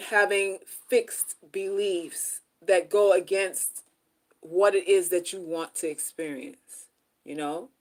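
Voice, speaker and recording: A female livestream host chats casually about relationships, addressing her audience head-on and saying things more than once. Her quiet asides give way to loud, high-pitched outbursts.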